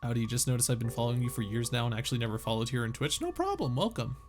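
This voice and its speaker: A man reads a novel aloud to his chat during a casual stream, joking, swearing freely and laughing between lines. His mid-range voice is very animated and rapid-fire, with faint music in the background.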